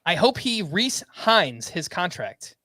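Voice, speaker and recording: A man co-hosting a sports podcast in casual chat, animated as he reads out listener submissions. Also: high voice, slow, no room sound, studio quality. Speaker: fantasy baseball podcast co-host.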